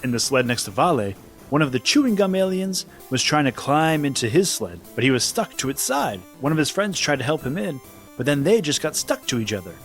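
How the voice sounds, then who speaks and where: A man narrating a scripted children's story in a lively, expressive way. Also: fairly high pitch, brisk, faint music behind.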